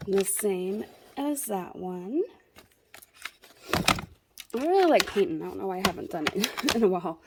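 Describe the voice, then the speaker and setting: A woman's voice: mid-range voice, animated, moderate pace, long pauses, very noisy. A young woman giving a rambling, self-deprecating tour of her craft room at home, chatting casually and laughing at herself. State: a bit out of breath. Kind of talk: casual chat.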